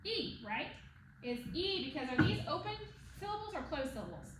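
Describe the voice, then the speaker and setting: A woman's voice: sits high, very animated, moderate pace, heavy background noise. Patient teacher woman, echoey room. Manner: patient, checks in with "okay?" and "right?". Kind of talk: one-on-one reading lesson.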